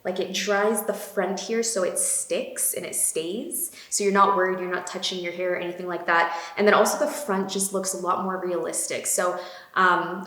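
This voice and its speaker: A woman's voice: lowish voice, a bit bright. A young woman gushing about beauty products in a casual vlog, with lots of fillers. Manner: bubbly, gushing, many fillers. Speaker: beauty vlogger. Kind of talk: casual chatty product talk. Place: home room. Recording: echoey room.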